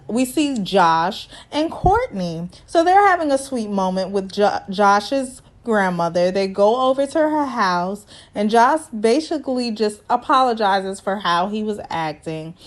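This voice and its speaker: Woman, reality TV recap, casual, folksy, acts out quotes, slightly high voice.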